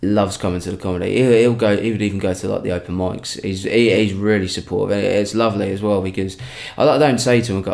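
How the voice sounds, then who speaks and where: A man's voice: on the low side, fairly even intonation, fast talker, creaky, hardly any pauses, darkish tone. A young man, a stand-up comedian, chatting casually on a podcast and rambling through many restarts.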